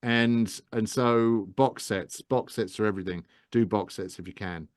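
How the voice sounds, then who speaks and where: A man's voice: fairly low pitch, unhurried, dry recording, clean studio sound. A man, an audiobook narrator, giving enthusiastic, rambling advice in a casual interview, with many restarts.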